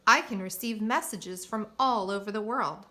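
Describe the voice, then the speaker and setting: A man's voice: high-pitched, huge pitch swings, measured pace, pushed and bright, exaggerated voice. A woman voicing a cheerful elderly male lion who owns a castle, hearty and proud in a read-aloud storybook. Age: older. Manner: hearty, proud, old-fashioned British phrasing.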